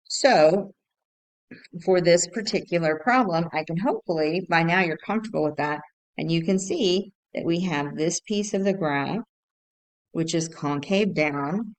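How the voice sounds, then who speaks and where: Low-voiced woman teaching a math lesson. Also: measured pace, poor audio. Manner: patient, repetitive, thinks aloud with fillers. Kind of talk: recorded lesson walkthrough.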